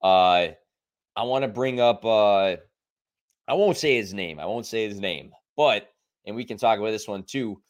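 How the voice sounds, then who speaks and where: A young adult man co-hosting a podcast and telling stories in a casual, animated way, acting out the quoted lines. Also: fairly low pitch, moderate pace. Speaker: podcast co-host. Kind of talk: casual storytelling chat.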